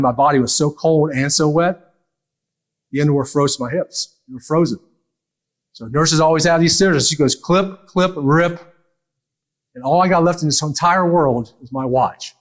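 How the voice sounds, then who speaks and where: A man in his fifties on stage, delivering a keynote as a dramatic story. His voice sits somewhat high for a man, and he acts out the lines of the people in his tale. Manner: dramatic storyteller acting out dialogue. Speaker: keynote speaker.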